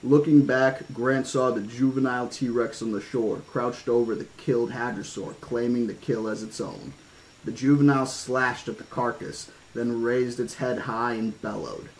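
A man's voice: mid-range voice, steady tone, normal speed, poor audio. A man reading a horror-themed novel aloud, stopping now and then for casual asides and restarts. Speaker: audiobook reader.

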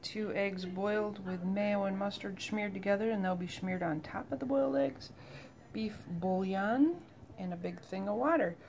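A middle-aged woman with a medium-pitched, darkish voice chats casually at a moderate pace in a home vlog filmed in her kitchen. She rambles with asides and fillers, while outdoor noise and a mower are audible on the home video.

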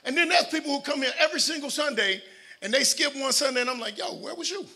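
A middle-aged pastor with a strikingly bright, piercing voice pitched high for a man, preaching in a church. He moves between shouted, nearly sung declarations and soft, joking asides to the people in front of him. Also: quick pace. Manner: animated preaching, swings from shouting to quiet asides, joking with the congregation. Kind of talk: sermon. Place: church sanctuary.

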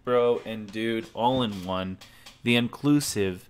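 A man's voice: fairly low pitch, takes it slowly, smooth. A young man recording a casual personal video message at home, talking in a loose, sincere, rambling way. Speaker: vlogger. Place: home office room.

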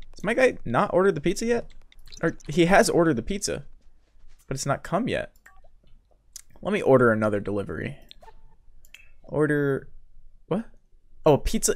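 A man narrates his gameplay in a loose, chatty let's-play style. He thinks out loud and reads on-screen game text as he goes, his pitch swinging widely between words. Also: big pitch swings, normal speed, long pauses. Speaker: gaming video creator. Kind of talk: casual let's-play commentary.

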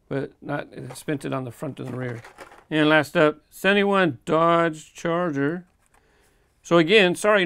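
A man's voice: a little high, vocal fry, fairly bright tone, clean tone, dry recording. A man hosting his own toy car unboxing video, talking in an easygoing, chatty way and chuckling now and then between remarks. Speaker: toy car collector host. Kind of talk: casual unboxing commentary.

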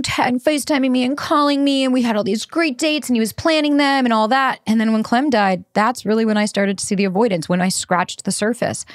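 A young woman hosts a podcast in a candid monologue, blunt and openly emotional, cursing as she goes. Her voice sits at a middle pitch. The sound is dry and close, with no room echo. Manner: blunt, emotional, swears freely. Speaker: podcast host.

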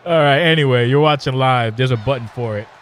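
A man hosting a live stream and calling a wrestling video game match play by play, animated and jokey, shouting at the big moves. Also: mid-range voice, brisk. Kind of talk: excitable play-by-play game commentary.

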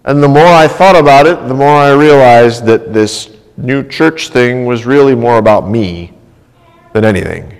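A male pastor preaches in a church sanctuary, telling a personal story conversationally and often checking in with "right?" His mid-range voice is clear and resonant, at a moderate pace. The recording carries a long church reverb.

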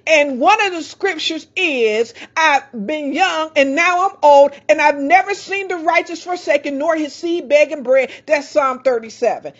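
A woman preaching a fervent sermon into a handheld microphone, breaking into praise and stumbling for words. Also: high voice. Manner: fervent, praising, halting at times. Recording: slightly dull lo-fi sound.

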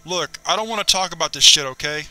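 Man voicing an evasive interrogation subject; short, sweary, bright crisp tone. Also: on the high side, quick pace, soft background music. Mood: defensive. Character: defensive, irritable adult man being questioned.

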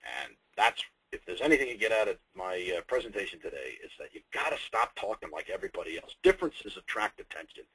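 A man's voice: deep voice, big pitch swings, fast talker, hardly any pauses, a bit bright, breathy edge, dry recording, low-quality recording. A man giving a sales training webinar, emphatic and conversational, repeating his key points with off-the-cuff humor. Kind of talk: webinar presentation.

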